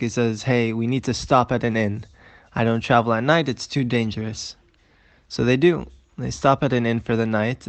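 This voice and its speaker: Lively male storyteller, dry sound. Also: mid-range voice, no room sound. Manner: lively, dramatic narration. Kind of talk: animated storytelling.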